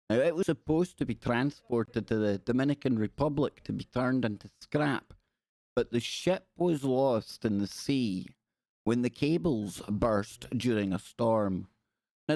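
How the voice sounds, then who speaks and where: A man's voice: mid-range voice, a little mellow, no room sound, studio quality. A man hosting a casual livestream, reading articles aloud and breaking off into playful jokey asides. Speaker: livestream host.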